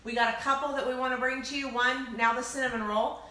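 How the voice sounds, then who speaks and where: A woman's voice: high-pitched, fast talker. A woman co-hosting a casual live cooking stream from a home kitchen, talking chattily and directly to her viewers. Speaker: co-host of a cooking livestream. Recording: echoey room with steady noise.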